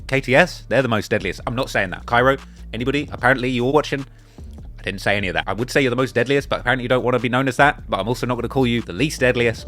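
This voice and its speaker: A man hosting a casual reaction commentary, sarcastic and joking as he answers critics of his video. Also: medium pitch. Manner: sarcastic, joking, fast and animated. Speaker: true crime channel host reacting to a clip.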